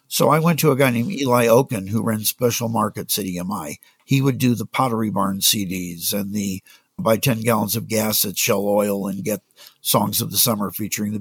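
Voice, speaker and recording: A music industry executive, appearing as a guest, tells industry stories conversationally. His voice is gravelly, husky, and fairly low, with no echo. He's anecdotal and acts out the quoted dialogue.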